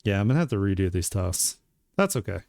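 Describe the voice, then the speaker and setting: A man's voice: low-pitched, very animated, quick pace, gravelly, a little mellow, no room sound, clean studio sound. A man chatting casually as a streamer while he makes art, laid-back and joking at his own expense.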